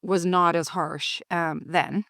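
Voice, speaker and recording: Low-pitched woman co-hosting a podcast. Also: slow, no room sound, clean studio sound. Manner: upbeat, animated in anecdotes, coaching tone. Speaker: podcast co-host, cleaning business owner. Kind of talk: casual conversation.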